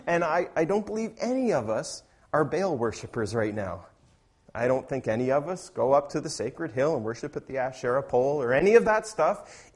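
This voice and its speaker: A male pastor delivering a sermon in an easy, conversational tone. His voice sits at an ordinary middle pitch, and he swells into loud, emphatic passages whenever he reads scripture. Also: husky.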